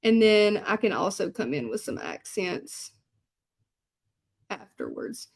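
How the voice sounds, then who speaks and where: A woman's voice: medium pitch, huge pitch swings, takes it slowly, creaky, breathy edge. A woman, chatting casually with viewers as she paints a sign in her craft studio. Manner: chatty, rambling, self-deprecating, answers viewer comments. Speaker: hand lettering artist and channel host. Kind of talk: casual chat while painting, talking to viewers.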